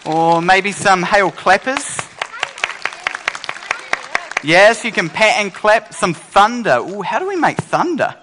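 A man leading a lively children's talk at church, playful and quick to praise the kids. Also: high-pitched, a little hiss or hum, rough recording. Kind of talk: lively kids' talk with audience games.

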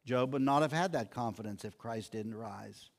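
A man's voice: mid-range voice, normal speed, creaky. An older man preaching a sermon, telling scripture stories and acting out the quoted lines. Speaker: pastor.

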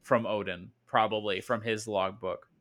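A man's voice: on the low side, steady tone, moderate pace, fairly bright tone. A man co-hosting a casual podcast chat, enthusiastic and often correcting himself mid-sentence. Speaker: podcast co-host.

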